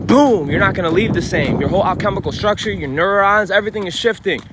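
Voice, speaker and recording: A man's voice: high-pitched, quick pace. Intense, profane preaching man outdoors. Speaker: spiritual vlogger. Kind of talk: preachy motivational monologue. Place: outdoors by a street with cars. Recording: street noise behind.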